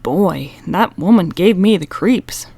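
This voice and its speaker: A woman's voice: on the low side, animated, slow pace, vocal fry, warm tone, husky, dry recording, exaggerated voice. A woman reading an audiobook, voicing a nervous teenage boy who talks in a worried, jumpy way.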